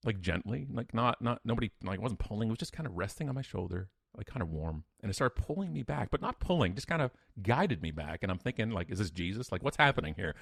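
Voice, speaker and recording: A middle-aged man sits as a podcast guest and spins a story from his own life. His voice sits low and sounds dry and close. He talks bluntly and with emphasis, repeats his punchlines, and pokes fun at himself. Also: sing-song, quick pace, gravelly, few pauses, slightly rough, dry recording. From Canada. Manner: blunt, emphatic, self-mocking, repeats phrases. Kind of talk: animated personal storytelling.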